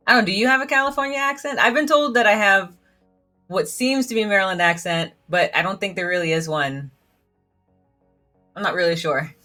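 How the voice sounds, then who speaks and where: Her voice is fairly low and sharp in tone as she streams a story game and reads its lines aloud. The woman sounds giggly and chatty, leaning heavily on "like."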